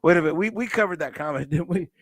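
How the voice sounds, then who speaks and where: A man co-hosting a casual reaction chat, eager and talking in quick bursts with restarts. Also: a little high, no echo. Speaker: podcast co-host.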